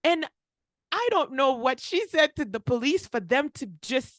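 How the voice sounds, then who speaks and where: This young pharmacist and podcast co-host speaks in a high voice at a moderate pace, and the recording is dry. Her storytelling is casual and lively, full of "like," with quotes acted out as she goes.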